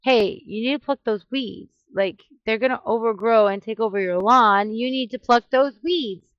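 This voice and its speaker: A woman voicing a fussy, easily exasperated young wife with high, gushing exclamations. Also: normal speed, no room sound, muffled recording, lightly acted. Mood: nagging.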